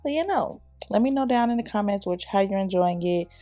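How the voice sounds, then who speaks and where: A woman's voice: medium pitch, expressive, a little fast, dry recording. A young woman, chatting through a hair tutorial voice-over, laughing often and talking straight to the viewer. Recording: soft background music.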